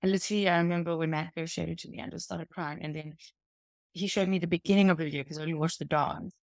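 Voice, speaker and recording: Brief: woman, late 20s, host, chatty animated storyteller, lower pitch, dry close sound. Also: fast, dry recording. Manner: animated storytelling, laughs often. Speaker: podcast host. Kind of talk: casual chat.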